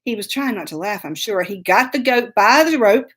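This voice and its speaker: A middle-aged woman telling a comic story, animated and dramatic, acting out the scenes. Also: medium pitch, normal speed. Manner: animated, dramatic, acts out scenes with whispers and sound effects. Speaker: storyteller host.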